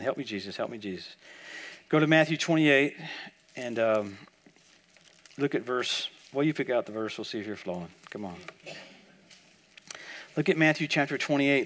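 A man preaching a sermon at a church service, telling stories and swinging between quiet asides and loud, emphatic bursts. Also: mid-range voice.

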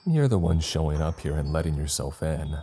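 A man voicing a calm, cocky and emotionless young woman in a scripted horror story. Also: a bass voice, fairly quick. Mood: calm, smug.

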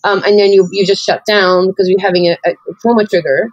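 A woman's voice: mid-range voice, steady tone, fast, dry recording. Woman podcast co-host, candid, meandering with fillers; muffled, close and dry. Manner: rambling, many "like" fillers, reflective. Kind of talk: candid conversational chat.

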